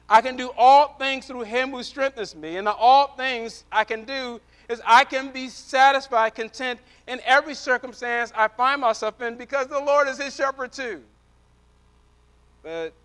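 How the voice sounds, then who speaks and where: High-voiced bright preaching man. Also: clean tone. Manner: swings from loud preaching to hushed near-whisper, repeats words. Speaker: pastor. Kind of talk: sermon.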